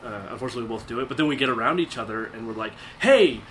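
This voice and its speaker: A man's voice: medium pitch, very fast, pushed and bright, a little hiss or hum, low-quality recording. A man hosting a podcast, chatting casually with crude jokes and frequent laughter. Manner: crude, joking, laughs often. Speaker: podcast host. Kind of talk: casual chat.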